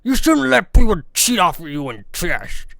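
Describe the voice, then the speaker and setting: A man voicing an older male teacher with a croaky voice who talks earnestly, recorded on a dry, close mic. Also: sits high, sing-song, normal speed, fairly bright tone, no echo, full character voice.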